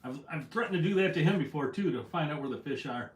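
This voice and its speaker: Heard from afar in an echoey room, a man with a slightly high, animated voice talks fast while hosting a laid-back fishing stream. He rambles through viewer comments and pokes fun at himself.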